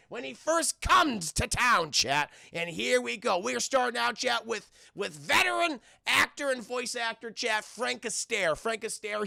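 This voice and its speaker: Gravelly high-voiced man rambling to chat. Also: pushed and bright, no room sound, studio quality. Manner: rambling and profane, keeps addressing chat. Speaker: streamer reviewing a film. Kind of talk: casual livestream film review.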